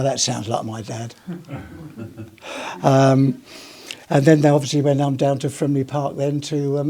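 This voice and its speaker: A medium-pitched, slightly mellow voice belongs to an older former policeman. He tells rambling, chatty stories to a live audience during a heritage gallery talk, with many restarts along the way.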